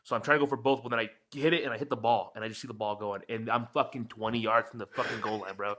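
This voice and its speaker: Bright-voiced young man telling sports stories. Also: medium pitch, racing, slight background noise. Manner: animated storytelling, heavy swearing. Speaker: podcast co-host. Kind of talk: casual chat.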